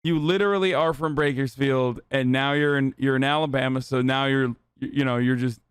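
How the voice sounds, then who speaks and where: Sarcastic streamer man, crisp voice. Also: medium pitch, steady tone, fairly quick, dry recording, clean studio sound. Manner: sarcastic, riffing, casual with slang. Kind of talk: live reaction commentary.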